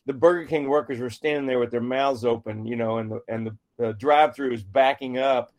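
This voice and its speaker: A man's voice: mid-range voice, fairly quick. Folksy middle-aged man telling a story. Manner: folksy and animated, acting out quoted dialogue. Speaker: author and guest. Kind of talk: conversational storytelling.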